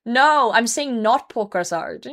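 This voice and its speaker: Her voice is fairly high and a bit bright, with lively intonation and an unhurried delivery. She's a young woman doing casual live commentary on a game she's streaming, talking bluntly to viewers, poking fun at herself, laughing often and swearing when frustrated.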